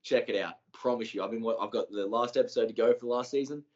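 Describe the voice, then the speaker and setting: A man co-hosts a casual sports podcast in a mid-pitched voice, excitable and full of slang. He swears casually. The recording sounds slightly muffled. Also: fast. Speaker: podcast co-host.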